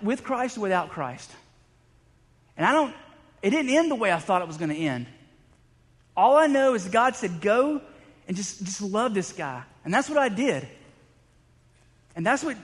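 A man's voice: sits high, fairly bright tone, long reverb tail. A man preaching a sermon, telling stories in a conversational way with frequent restarts. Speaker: pastor.

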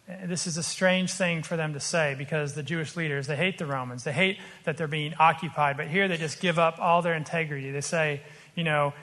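A man preaching a sermon, earnest and explanatory, slowing down to stress his points. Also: fairly high pitch, fairly even intonation, bright, forceful tone, long reverb tail. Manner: earnest, explanatory, slows for emphasis.

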